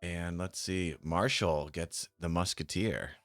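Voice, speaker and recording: Faint music sits behind this man as he talks slowly in a low, slightly bright voice with no echo. He's live streaming, playing a game and looking over options trades, grumbling and cursing when irritated.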